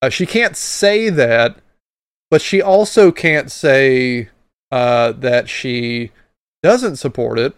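Man, podcast host, blunt, swearing commentary, resonant voice, medium pitch. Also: animated, slow, clean tone, no room sound.

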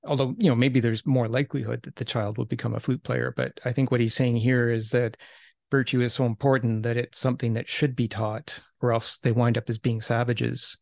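A man leading a casual seminar discussion, thoughtful and measured, often restarting his sentences. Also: mid-range voice, level tone, creaky, no echo. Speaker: discussion leader.

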